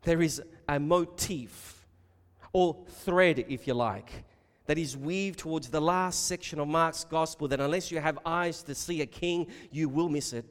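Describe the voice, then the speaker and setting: A man delivers a sermon in a fairly high voice, pressing his listeners with repeated rhetorical questions and calling them beloved. His voice rings out with a long reverb, as if in a large church hall. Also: normal speed. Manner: emphatic, building to loud rhetorical questions, addressing listeners as beloved. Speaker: preacher.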